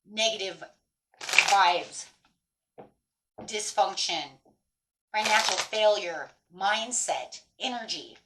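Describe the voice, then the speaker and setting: A woman's voice: mid-range voice, fairly bright tone, poor audio. A woman giving a tarot reading in a blunt, emphatic way, swearing freely as she talks straight to her viewers. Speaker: tarot reader.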